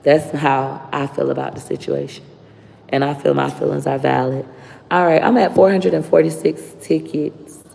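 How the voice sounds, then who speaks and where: A woman streamer vents bluntly and profanely to her viewers, her voice carrying a gravelly fry. The sound is roomy, with a long reverb trailing behind it. A faint hum of noise sits underneath. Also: low-pitched, fairly even intonation, moderate pace, warm tone. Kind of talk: casual live-stream rant.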